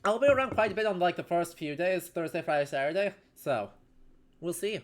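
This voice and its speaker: A chatty streamer rambling through a new game, easygoing and quick to poke fun at themselves. The talk wanders and stays relaxed, full of little asides. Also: medium pitch. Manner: chatty, rambling, self-deprecating. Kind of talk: casual game stream commentary.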